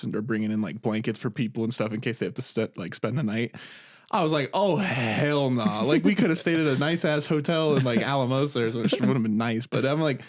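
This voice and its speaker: A man's voice: mid-range voice, a little mellow, no room sound, clean studio sound. A young man co-hosting a podcast, telling a story in casual chat, swearing freely and acting out the quotes on a podcast mic. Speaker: podcast co-host.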